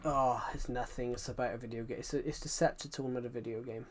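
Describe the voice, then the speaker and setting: A British man chatting casually with viewers on his live stream, using a louder, cheerful streaming voice and rambling from one thought to the next. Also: medium pitch, fairly even intonation, slight background noise. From United Kingdom. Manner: puts on a louder, happier voice for the stream; rambling, chatty, quick to apologize.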